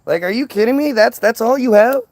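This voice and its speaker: A man's voice: very high voice, brisk, a little mellow, no room sound. A man ranting into the camera in a heated, profane monologue, stammering and repeating words. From United States. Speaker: vlogger.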